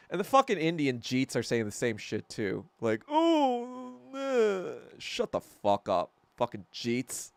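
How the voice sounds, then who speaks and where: A man's voice: mid-range voice, a bit bright, no echo. A man hosting a podcast in a casual, profane, heated rant, rambling and correcting himself as he goes. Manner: rambling, with frequent self-corrections. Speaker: podcast host. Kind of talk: casual ranting monologue.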